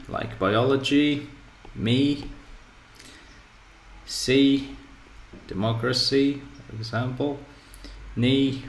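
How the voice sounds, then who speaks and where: A man teaching English word stress in a slow, repetitive lesson, often pausing with "okay" and "so". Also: lowish voice, fairly bright tone. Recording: echoey room with faint ambient noise.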